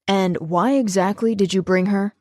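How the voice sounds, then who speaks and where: Hot-headed young werewolf guy, demanding and loud, dry audiobook read, by a woman. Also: high-pitched, steady tone, normal speed, dry recording, close to an everyday voice. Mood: fierce. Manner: fierce, demanding. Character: hot-tempered young male werewolf, fierce but tender. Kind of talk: audiobook character voice.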